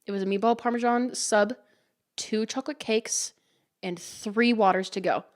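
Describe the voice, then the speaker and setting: A young woman hosting a casual podcast, telling stories from her restaurant job and acting out customers' lines in a high voice. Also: fairly even intonation, normal speed. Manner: chatty storyteller, acts out customers' lines in a high voice. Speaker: podcast host. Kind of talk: casual chat.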